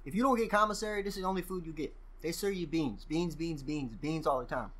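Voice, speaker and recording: Male guest, casual profane storyteller, animated delivery, bright tone. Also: on the high side, fast talker. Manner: profane, animated storyteller who acts out quoted exchanges. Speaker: podcast guest.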